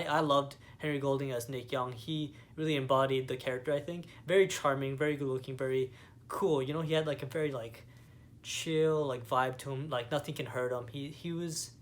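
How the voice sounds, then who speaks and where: A young man from Canada giving a casual movie review, rambling with lots of fillers and enthusiasm. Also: mid-range voice. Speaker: vlogger.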